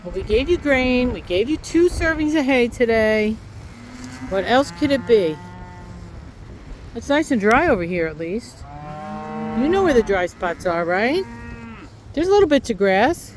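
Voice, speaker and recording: A woman's voice: fairly high pitch, big pitch swings, a little slow, pauses often, noisy background. An American woman farmer in a casual vlog, talking sweetly to her cows in a muddy pasture. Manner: coos and talks sweetly to the cows. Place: outdoors in a muddy farm pasture.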